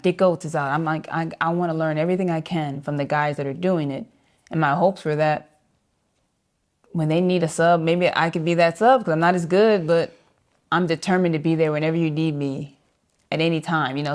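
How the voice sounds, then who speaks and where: A young woman, a saxophonist being interviewed, telling stories in an animated way, laughing often and acting out the voices of the people in them. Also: deep voice. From New York. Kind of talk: animated storytelling with acted-out quotes.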